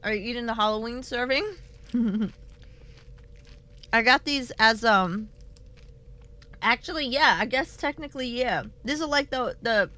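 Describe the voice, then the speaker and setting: A woman's voice: a little high, a little slow, long pauses. A woman streaming live, chatting casually with her viewers, reading their messages aloud and laughing often, talking into a desk microphone. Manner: playful, animated, reads chat aloud, laughs often.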